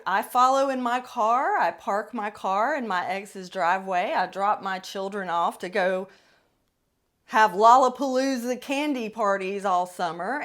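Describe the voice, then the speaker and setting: A woman's voice: fairly high pitch, a bit bright. A middle-aged woman hosting a podcast, telling a personal story in a candid, wry way. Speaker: podcast host.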